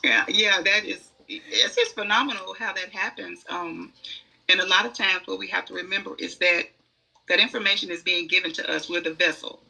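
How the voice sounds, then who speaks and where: A woman talking on a podcast with a husky, raspy edge and a very tense, cutting brightness. She tells stories with emphasis and slips into little voices for the messages she hears. She sounds like a card reader explaining her craft. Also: lowish voice, steady tone, moderate pace, low-quality recording. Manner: emphatic, acts out inner voices. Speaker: guest oracle card reader. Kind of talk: conversational podcast storytelling.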